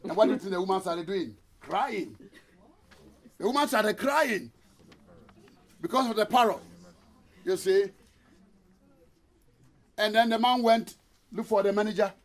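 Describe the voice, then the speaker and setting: High-voiced male motivational speaker. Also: normal speed, pauses often. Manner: rhetorical questions to the audience. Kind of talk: motivational seminar talk with storytelling.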